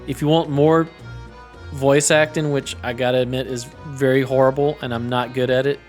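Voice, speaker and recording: A man hosting a let's play video, chatting casually and with self-deprecating asides while he plays. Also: medium pitch. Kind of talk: casual gameplay commentary. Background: faint game music.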